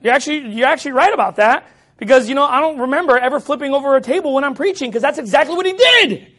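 A man preaching a sermon as pastor, forceful and loud at times, mocking the voices of his critics. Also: very high-pitched, expressive, fast.

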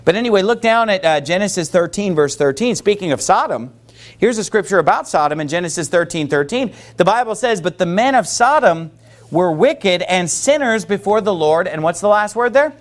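Pastor, male, high voice, emphatic sermon delivery that keeps questioning the room. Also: lively intonation, fairly quick.

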